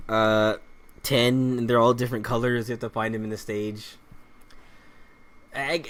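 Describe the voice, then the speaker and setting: A man giving casual commentary while playing a video game, rambling loosely with restarts and muttered asides about what he is playing. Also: medium pitch. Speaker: let's play commentator.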